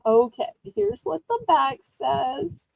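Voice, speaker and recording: A woman's voice: sits high, sing-song, slow, vocal fry, muffled recording. A woman hosts a live online auction in a rambling, chatty storytelling way, laughing often. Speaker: live-stream auction host. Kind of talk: casual live-stream selling chat.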